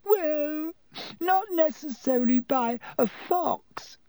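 A man voicing a tearful, dramatic schoolgirl who talks through sobs in a high, trembling voice. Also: lively intonation, very slow, vocal fry, a little mellow, full character voice. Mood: tragic. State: crying. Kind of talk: audiobook character voice.

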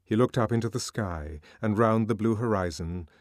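A man narrating a novel as an audiobook, in an expressive, measured reading. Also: lowish voice, no echo, clean studio sound.

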